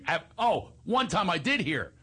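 A man in his forties, hosting a radio talk show. His husky voice sits a little high and swings widely as he tells funny stories. He acts out the lines of the people in them. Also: sing-song, measured pace, a bit bright. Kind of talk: comedic radio chat, telling stories.

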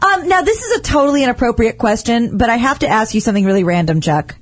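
Young female host, husky, lively delivery, blunt and giggly. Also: fairly high pitch, fast. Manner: giggly, blunt and animated storyteller. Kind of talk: casual late-night radio chat.

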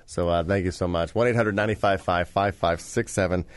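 A man's voice: sits low, fairly even intonation, normal speed, dry recording. A man co-hosting a radio show, chatting loosely with a guest and reading plugs with punch. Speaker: radio co-host. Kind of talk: radio show chat and promos.

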